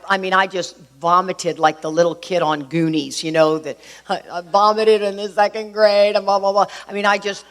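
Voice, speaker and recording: A middle-aged woman from Houston, speaking to a recovery group, telling her story in an animated way with emphatic asides. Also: on the low side. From Houston, Texas. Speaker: AA workshop speaker. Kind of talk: personal recovery talk to a group.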